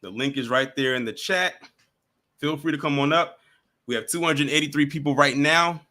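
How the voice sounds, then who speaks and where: A man's voice: on the high side, moderate pace. A man hosting a live stream, chatting casually and taking callers one by one. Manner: relaxed, chatty, laughs along with callers.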